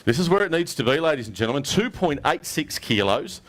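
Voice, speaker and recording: A man's voice: on the high side, big pitch swings, a little fast, a bit bright, slight background noise. Chatty Australian weigh-in emcee, man. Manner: chatty, jokey, mate-heavy banter. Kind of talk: casual event commentary. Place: outdoor fishing tournament weigh-in.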